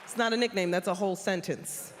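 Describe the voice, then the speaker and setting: A woman from New York's South Bronx doing an animated stand-up set, teasing playfully with loud bursts, on a theater stage before a live audience. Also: medium pitch, fast talker. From South Bronx, New York. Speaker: stand-up comedian. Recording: reverberant hall with loud crowd noise.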